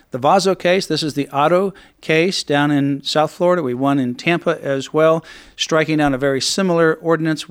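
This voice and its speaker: A man hosting a radio talk show, speaking in an emphatic, indignant conversational way. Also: a little high.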